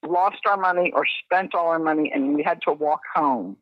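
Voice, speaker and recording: A woman's voice: low voice, moderate pace, no echo. A woman from Richmond, Virginia, calling in to the show and rambling through old memories. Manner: reminiscent, rambling. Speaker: caller, old friend. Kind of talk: phoned-in reminiscing. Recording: dull, dry phone line.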